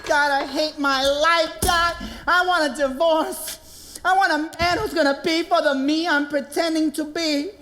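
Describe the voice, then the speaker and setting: A man's voice: extremely high pitch, steady tone, a little slow, bright, forceful tone, a little hiss or hum, pitched above the performer's own voice, exaggerated voice. A man doing a scolding, fed-up Latina wife. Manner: scolding, bitter, dramatic.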